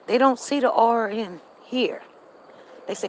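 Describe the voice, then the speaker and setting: A woman vlogging on an outdoor walk, telling stories in a chatty, animated way and talking straight to her viewers. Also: a little high, a little slow, pauses often, slight background noise, low-quality recording. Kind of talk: casual storytelling to viewers.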